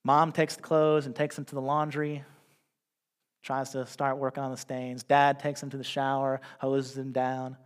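A man preaching a sermon, reading scripture slowly and telling a story in a hushed voice. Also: mid-range voice, monotone, clear, resonant tone. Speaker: pastor.

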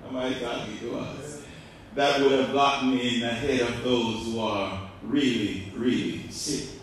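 A male pastor preaching a sermon, asking the congregation rhetorical questions and swinging between loud and quiet. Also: mid-range voice, steady tone, a little slow, a little hiss or hum. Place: church. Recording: echoey church hall, mic far off.

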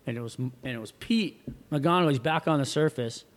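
A man who surfs, appearing as a guest, talks briskly in a medium-pitched voice. Casually chatting, he spins a wild story, doing the voices of everyone in it and cursing freely, all with plenty of animation.

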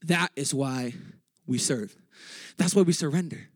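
A man preaching a casual, energetic sermon in church, joking and interrupting himself as he gets excited. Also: mid-range voice, unhurried, breathy edge, no echo.

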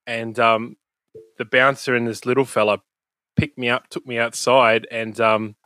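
A man with an Australian accent spins a rambling story, laughing often and swearing freely. His voice sits at an ordinary middle pitch. The sound is dry and close, with hardly any room behind it. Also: little pitch movement, a little slow, sharp tone, dry recording. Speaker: podcast host, guest. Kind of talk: casual storytelling chat. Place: home room with bookshelves.

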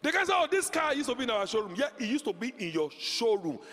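A man preaching a charismatic sermon, shouting declarations, speaking in tongues and leading the congregation in call-and-response. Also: very high-pitched, sing-song, fast. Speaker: pastor. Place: large church sanctuary. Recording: reverberant church hall.

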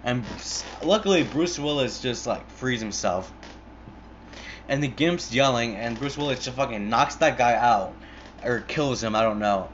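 A man's voice: mid-range voice, unhurried, slight background noise. A young man casually retelling a movie plot in a rambling, profane way, full of "like" and restarts. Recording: muffled lo-fi recording.

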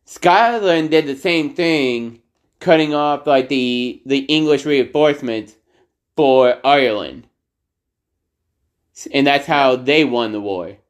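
Slow, filler-heavy man co-hosting an unplanned podcast chat, reads stories haltingly. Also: medium pitch. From United States. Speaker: podcast co-host. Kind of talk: casual chat, reading a news story aloud.

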